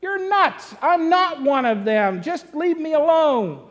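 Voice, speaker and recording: A preacher putting on a fiery, impulsive disciple, high and raised, emphatic indignant denials, long church-hall reverb. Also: male voice, very animated, slow pace, a bit bright, highs cut off, exaggerated voice. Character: impulsive male disciple protesting loyalty.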